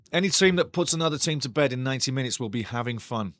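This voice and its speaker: A man's voice: medium pitch, lively intonation, quick pace, few pauses, a bit bright, no echo. Passionate male watch-along host, dry sound. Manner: passionate, talks straight to chat; ranting, indignant. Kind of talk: live match commentary with chat.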